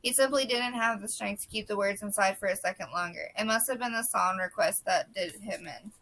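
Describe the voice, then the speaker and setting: A woman reading a novel aloud, steady and plain, with the odd slip. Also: mid-range voice, fairly quick, low-quality recording. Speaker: audiobook reader. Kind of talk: audiobook narration.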